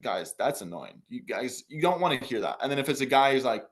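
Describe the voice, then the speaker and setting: A man's voice: mid-range voice, sing-song, brisk. A young man giving a casual, motivational coaching talk on a business call, full of fillers and repetition.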